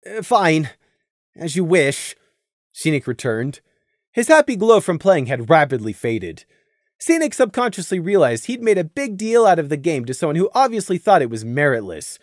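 A narrator reading a fan audiobook with expressive storytelling on a close mic. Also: medium pitch, moderate pace, no room sound.

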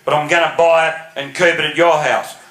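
A man voicing a blunt, deadpan uncle with an Australian accent who swears freely. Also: on the high side, a little fast, voice pushed down, lightly acted. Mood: matter-of-fact. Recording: roomy live comedy album, noisy.

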